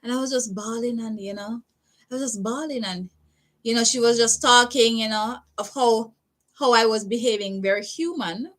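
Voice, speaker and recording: A woman's voice: fairly high pitch, normal speed, fairly bright tone. A woman from Jamaica with a Jamaican accent, telling a personal story in a candid vlog and slipping into Patois phrases. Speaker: vlogger. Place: living in Japan.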